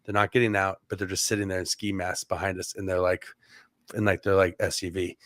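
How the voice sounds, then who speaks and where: A man's voice: sits low, level tone, brisk, a bit bright, no echo, studio quality. A man on a podcast telling a long story casually, with many "like" fillers and restarts. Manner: rambling, heavy on "like" fillers and restarts. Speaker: podcast co-host.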